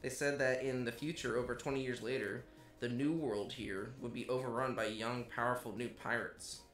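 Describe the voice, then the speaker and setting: A man co-hosting a podcast, chatting casually through a manga chapter. He gets excited, swears freely and acts out the characters' lines as he reads them. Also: medium pitch, moderate pace, soft background music. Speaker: podcast co-host. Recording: echoey room.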